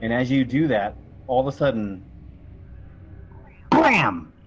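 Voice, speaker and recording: A man narrating as game master in a tabletop horror game, describing events in a relaxed, halting way. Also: mid-range voice, breathy edge. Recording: slightly dull lo-fi recording.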